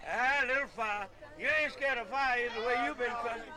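A man's voice: very high-pitched, steady tone, fairly quick, a crowd in the background, low-quality recording. A man telling comic folk stories in a folksy way, often laughing and repeating "yeah.". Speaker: storyteller.

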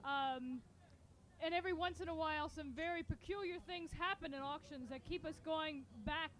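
A woman's voice: sits high, normal speed, a bit bright. A woman hosting an auction program, introducing the auctioneer and prompting him with friendly questions. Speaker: host.

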